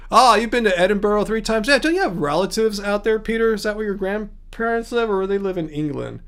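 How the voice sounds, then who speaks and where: A man's voice: high-pitched, animated, normal speed, fairly bright tone. A man hosting a casual livestream, answering viewer comments in a rambling way with frequent restarts and chuckles. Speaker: livestream host.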